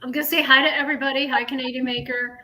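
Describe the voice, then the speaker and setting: A woman who joins a livestream by voice and chats quickly and casually. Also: high voice, level tone, bright, forceful tone, rough recording. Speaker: viewer joining the stream by voice. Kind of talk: casual chat.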